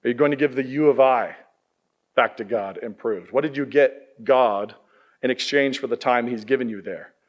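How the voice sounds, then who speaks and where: Middle-aged male pastor, casual and lively sermon delivery, quizzes his student audience. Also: medium pitch, moderate pace.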